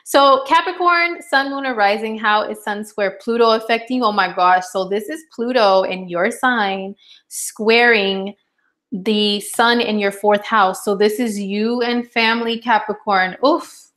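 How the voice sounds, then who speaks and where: Chatty woman astrologer. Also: mid-range voice. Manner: chatty, animated, acts out quick dialogues, laughs often. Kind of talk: casual horoscope chat.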